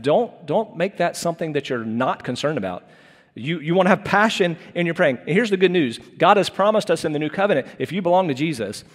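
A man's voice: high-pitched, long reverb tail. A man preaching an earnest, conversational sermon as pastor, often restarting his phrases.

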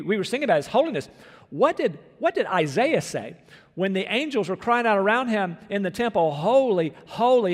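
High-voiced man preaching in a reverberant sanctuary. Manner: emphatic, repetitive preaching with quoted asides. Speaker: pastor. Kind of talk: sermon. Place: church sanctuary. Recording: long hall reverb.

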